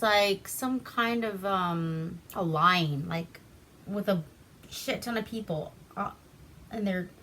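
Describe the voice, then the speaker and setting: A woman from Alaska recaps an old film in a loose, rambling way. She speaks slowly at a middle pitch, swearing casually and keeping a deadpan edge. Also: a little hiss or hum. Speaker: host.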